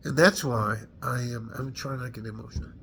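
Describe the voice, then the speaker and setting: A man's voice: mid-range voice, brisk, gravelly, fairly bright tone, breathy edge. A middle-aged man, a combat veteran, speaking emotionally to camera in a heated, profane rant, sighing and stuffy-nosed as he holds back tears. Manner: heated, profane, breaks off with sighs.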